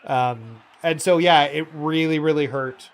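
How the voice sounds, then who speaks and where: A man's voice: fairly high pitch, measured pace. A man live-streaming a video game, chatting casually with viewers in a rambling, earnest way full of fillers and self-corrections. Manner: earnest and heartfelt. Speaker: gaming streamer.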